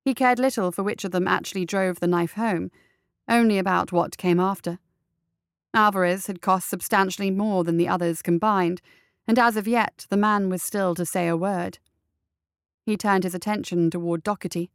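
A woman narrating an audiobook in a steady, measured storytelling manner. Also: on the low side, smooth, dry recording, clean studio sound.

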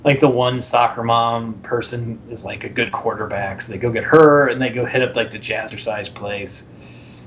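A podcast co-host with a mid-range, fairly bright voice casually recaps a movie at normal speed, keeping a steady tone. He rambles and acts out lines from its scenes in quoted voices. There's slight background noise.

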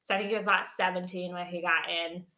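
A woman's voice: fairly low pitch, little pitch movement, fast talker, sharp tone. A woman co-hosting a casual podcast chat, explaining at length with many fillers and easy laughs. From non-English name, living in London. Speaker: podcast co-host.

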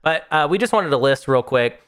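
A man's voice: on the high side, animated, fairly quick, fairly bright tone, clear, resonant tone. A man co-hosting a casual board game chat, speaking in a laid-back way that hedges and jokes. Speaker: co-host.

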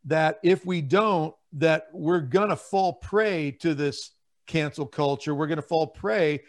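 A man's voice: on the high side, measured pace. A man speaking as a guest on a Catholic talk show, earnest and preacherly, sometimes repeating his words. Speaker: guest, Catholic ministry leader. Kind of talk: casual talk show discussion.

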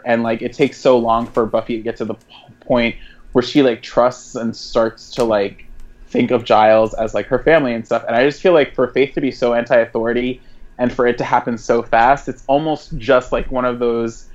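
A man's voice: medium pitch, a little mellow. A man talks casually on a podcast, rambling with "like" after nearly every phrase and slipping into laughter. His voice sits in an ordinary middle register. The audio is a bit dull and lo-fi. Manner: chatty, many "like" fillers, laughs often. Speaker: podcast co-host.

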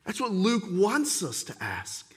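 A man delivers a sermon as pastor. His voice sits very high and is lively, rising to forceful emphasis and then dropping to quiet intensity. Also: slow, husky. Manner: animated preaching, swings between forceful emphasis and quiet intensity.

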